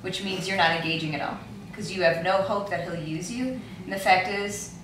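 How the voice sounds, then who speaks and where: A woman's voice: medium pitch, fairly quick. Woman reading from a book and talking it over, earnest, echoey room, hiss behind. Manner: earnest and reflective, reads a passage then comments. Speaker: book club co-host. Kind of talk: casual chat, reading from a book. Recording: echoey room, far from mic, background noise.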